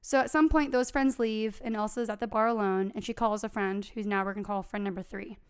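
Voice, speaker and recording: A woman's voice: medium pitch, steady tone, brisk, clean tone. A young woman co-hosting a podcast, telling a true crime story in a casual, chatty way with lots of fillers.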